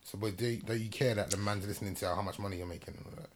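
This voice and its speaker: A man's voice: on the low side, fairly even intonation, racing, a little hiss or hum. A man in casual chat, chiming in with short questions and reactions.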